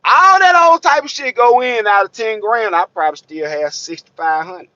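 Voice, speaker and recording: A man's voice: sits high, lively intonation, moderate pace, bright, forceful tone, dry recording. A man, a trucker vlogger ranting to camera in a blunt, profane, streetwise way, preaching and repeating himself. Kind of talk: blunt unscripted rant to camera. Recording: dull lo-fi recording.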